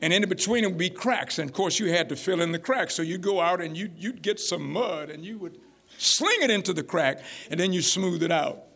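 A middle-aged man preaching a folksy, animated sermon as pastor. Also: high voice, moderate pace, creaky. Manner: folksy, animated, rising to near-shouts.

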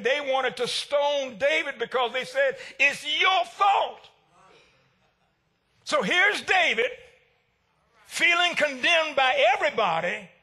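A male pastor preaching a sermon, swinging between shouted lines and hushed ones. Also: extremely high pitch, husky.

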